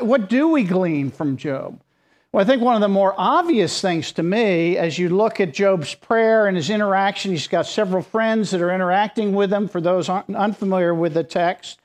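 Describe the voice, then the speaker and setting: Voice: medium pitch, darkish tone. A pastor preaching a sermon in a conversational but emphatic way, with informal asides.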